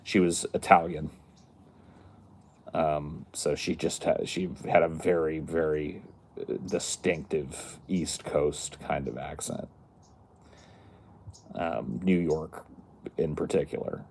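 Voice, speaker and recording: Deep-voiced man telling a rambling story. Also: fairly even intonation, slow pace, vocal fry, long pauses, darkish tone, slight background noise. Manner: rambling, laughing at his own stories. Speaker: podcast host. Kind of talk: casual storytelling.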